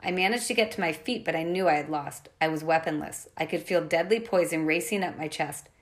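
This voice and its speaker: A woman's voice: sits low, fairly quick. A woman reading a novel aloud, telling a first-person adventure story with expression. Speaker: audiobook narrator.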